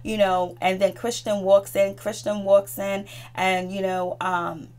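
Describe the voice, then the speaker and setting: A woman's voice: mid-range voice, little pitch movement, unhurried, a little mellow. Chatty woman recapping a TV episode. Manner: chatty and gossipy, with frequent restarts. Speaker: TV recap host. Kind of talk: casual gossipy TV episode recap.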